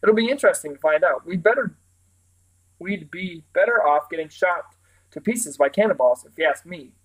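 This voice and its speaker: A man's voice: high-pitched, lively intonation, normal speed, a bit bright, poor audio. A man voicing a gloomy, worried boy servant with a sarcastic streak in a storybook reading. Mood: glum. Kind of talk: storybook read-aloud.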